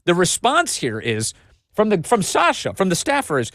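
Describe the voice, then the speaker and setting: A man's voice: high-pitched, huge pitch swings, normal speed, a bit bright, no room sound, clean studio sound. A man hosting a political commentary show, reading documents aloud with emphatic, sarcastic remarks and asides to viewers.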